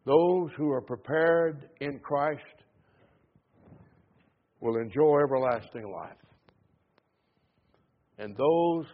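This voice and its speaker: A preacher delivering a sermon, stressing some words loudly and letting others trail off low. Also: male voice. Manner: emphatic preaching that swings between loud stresses and low trailing endings. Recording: tinny phone-like sound.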